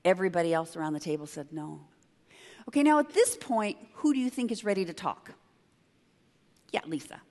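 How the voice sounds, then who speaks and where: A woman giving a conference talk as a leadership consultant, telling a story in an emphatic, conversational way with quick asides to the audience. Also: fairly low pitch, a little mellow. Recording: long reverb of a large hall.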